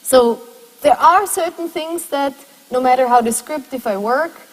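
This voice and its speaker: High, breathy woman lecturing. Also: measured pace, in a large hall, low-quality recording. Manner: explains step by step and asks the class questions. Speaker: university lecturer. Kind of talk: lecture to a class.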